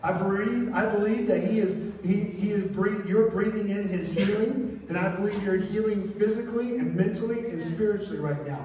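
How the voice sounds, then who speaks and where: A man's voice: high-pitched, moderate pace, few pauses. Preaching man in an echoey church. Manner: animated storytelling with acted quotes. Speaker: pastor. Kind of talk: sermon. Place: church sanctuary. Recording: echoey hall, distant mic.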